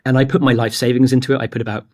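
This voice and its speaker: A man's voice: medium pitch, level tone, rapid-fire. A man in his twenties from England, telling a candid, rambling startup story in a casual interview. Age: 20s; late 20s. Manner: candid, rambling, heavy use of "like". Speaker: guest, startup founder.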